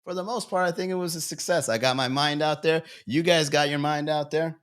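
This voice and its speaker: A man's voice: a little high, fairly even intonation, fairly quick, fairly bright tone. A man hosting a comedy livestream, rambling and swearing in casual banter, chuckling at his own jokes while he talks straight to chat viewers.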